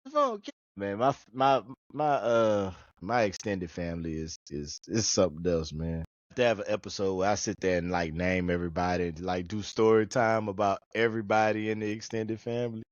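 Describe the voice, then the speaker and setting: A man hosting a podcast in casual chat, an animated storyteller who jumps into high-pitched voices when he quotes people. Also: brisk, hardly any pauses, no echo, dull audio. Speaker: podcast host.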